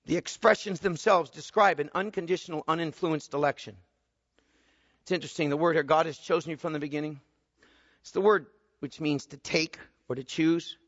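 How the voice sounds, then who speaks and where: A man delivers an expository sermon in a high, bright voice. He moves between quiet, low-voiced explanation and loud, emphatic bursts. The sound is slightly muffled and carries a long reverb from a large hall. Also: slightly rough. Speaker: preacher.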